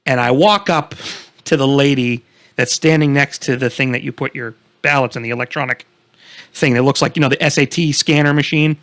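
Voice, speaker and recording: Animated young man telling a story. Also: medium pitch, fairly quick, no echo. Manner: animated storytelling, swearing, laughing often. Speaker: podcast co-host. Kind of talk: casual chat.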